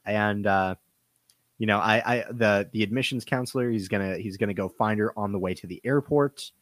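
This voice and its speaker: Lower-voiced man in a dry room. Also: a bit bright, dry recording. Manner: halting, repeats words. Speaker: podcast co-host. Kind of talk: casual movie discussion.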